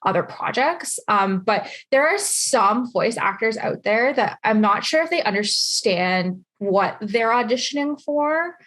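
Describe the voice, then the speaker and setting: A woman's voice: fairly high pitch, lively intonation, unhurried, few pauses, fairly bright tone. Chatty woman hosting an interview. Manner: chatty, rambling, heavy use of "like". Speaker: interview host. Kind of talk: casual interview chat.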